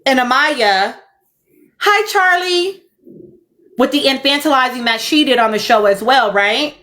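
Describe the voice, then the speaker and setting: A woman's voice: sits high, animated, a little slow, bright, forceful tone. A young adult woman, hosting a casual commentary livestream, emphatic and fond of repeating her points. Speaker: livestream host.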